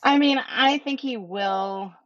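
A woman's voice: a little high, slow pace, fairly bright tone, no room sound. A woman hosting a podcast in a casual, thoughtful way, hesitating often with fillers. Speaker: podcast host. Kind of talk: casual chat. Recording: slightly dull lo-fi sound.

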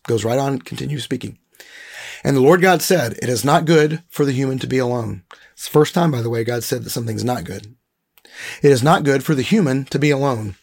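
A man teaching a Bible lesson, reading scripture passages slowly and deliberately, then explaining them in a casual way with frequent fillers. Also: mid-range voice, gravelly, darkish tone, breathy edge.

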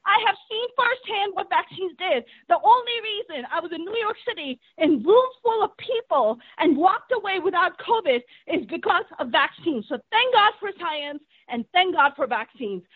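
A woman's voice: very high-pitched, animated, normal speed, hardly any pauses, no echo. A woman comedian who is an immigrant, arguing angrily with a host and swearing as she talks over him. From born in a third-world country, immigrant to the US. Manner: angry, profane, shouting over the host. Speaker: guest comedian. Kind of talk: heated argument. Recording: dry tinny phone line.

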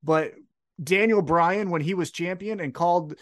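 A man's voice: high voice, moderate pace, a bit bright. A man co-hosting a casual wrestling podcast, ranting with strong opinions and frequent swearing. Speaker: podcast co-host.

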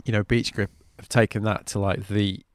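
A man's voice: on the low side, little pitch movement, moderate pace, dry recording, clean studio sound. Wry male podcast host. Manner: conversational, wry asides. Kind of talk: casual interview chat.

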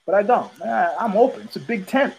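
A man's voice: sits high, lively intonation, a little fast, creaky, breathy edge, rough recording. A man hosting his own show, telling stories in a blunt, profane, casual monologue and repeating phrases for emphasis. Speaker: podcast host.

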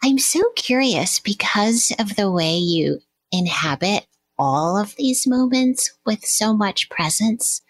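A woman hosting a podcast, asking curious and gently probing questions. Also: mid-range voice, animated, takes it slowly. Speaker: podcast host. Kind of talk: warm reflective interview.

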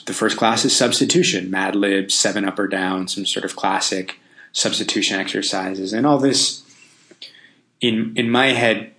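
Low gravelly guy talking to himself on his podcast, lots of ums and restarts. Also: fairly bright tone. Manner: thinking aloud, loose and self-deprecating. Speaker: podcast host. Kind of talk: casual solo podcast talk.

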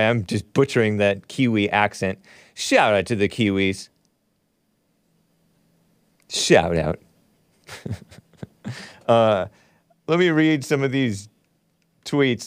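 A man hosting a talk show, reacting to news clips with sarcastic, mocking commentary and sudden loud outbursts. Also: fairly low pitch, lively intonation, takes it slowly, pauses often, smooth, no echo, studio quality.

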